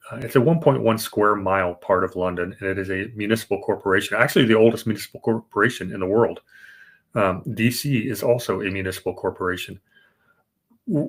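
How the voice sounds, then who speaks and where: Low-voiced man explaining history. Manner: explanatory, rambling with restarts and fillers. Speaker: podcast co-host. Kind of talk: casual history discussion.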